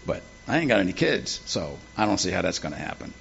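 A man's voice: deep voice, big pitch swings, fast, creaky, a bit bright, a little hiss or hum, exaggerated voice. Man doing a folksy old patriarch. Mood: eager. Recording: dull lo-fi with faint ambience.

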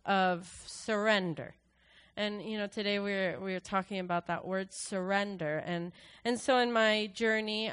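A woman shares a personal testimony with her church. Her voice sits at a middle pitch and sounds smooth and clear. She speaks in an earnest, conversational way and retells scripture in her own words. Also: a bit bright. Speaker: church member giving a testimony.

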